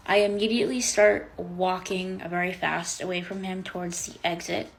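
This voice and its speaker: Chatty young woman, lower voice. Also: fairly even intonation, moderate pace, creaky, hardly any pauses, a little hiss or hum, rough recording. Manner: chatty, lots of "like" and "um" fillers; dramatic retelling with quoted voices. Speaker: vlogger. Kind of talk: casual storytime.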